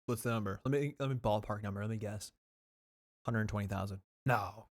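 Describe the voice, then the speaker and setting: A man co-hosting a podcast in an easygoing, casual chat. He talks in a relaxed way, with frequent filler words and loose phrasing. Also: fairly low pitch, a little fast. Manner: relaxed, filler-heavy with lots of "like". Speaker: podcast co-host.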